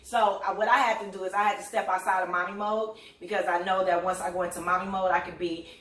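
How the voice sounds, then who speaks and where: A middle-aged woman hosting a casual talk, telling a family story in an animated, chatty way with lots of fillers. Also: mid-range voice, fast talker, far from the mic. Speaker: host. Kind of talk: casual chat. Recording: echoey room, voice a bit off-mic.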